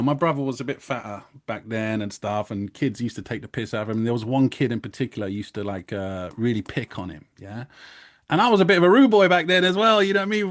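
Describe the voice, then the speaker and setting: A man in his thirties, from England, co-hosting a casual podcast, laughing often and telling stories with slang. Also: on the high side. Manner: laughing, animated storytelling, London slang. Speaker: podcast co-host. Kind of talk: casual chat.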